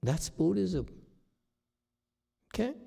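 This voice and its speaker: A man whose first language is Chinese, giving a slow, plain-spoken dharma talk as a meditation teacher, often checking in with "okay?". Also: high-pitched, big pitch swings, creaky, mellow. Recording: long hall reverb.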